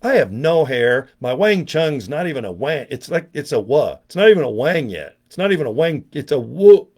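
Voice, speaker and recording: A man's voice: fairly high pitch, sing-song, moderate pace, a little mellow. Rambling, joking man in his sixties. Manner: joking, digressive, self-mocking asides. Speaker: online business vlogger. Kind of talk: rambling casual monologue to camera.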